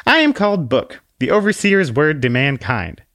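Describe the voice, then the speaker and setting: A man's voice: on the high side, very animated, moderate pace, fairly bright tone, dry recording, clean studio sound, voice pushed up. A man voicing a sassy, condescending little female book who lectures bluntly.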